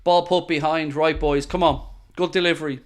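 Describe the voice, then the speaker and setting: A young man does live football commentary on a watchalong stream, chatting to viewers between plays. He's excitable and breaks into loud groans at near misses. His voice is a little high and his speed is normal.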